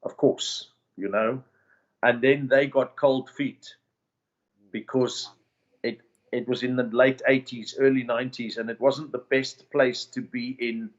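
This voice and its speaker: A man's voice: mid-range voice, a little slow, muffled recording. A man with a South African accent, a comedian guest telling career stories in a casual interview. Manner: animated anecdotes with put-on quoted voices.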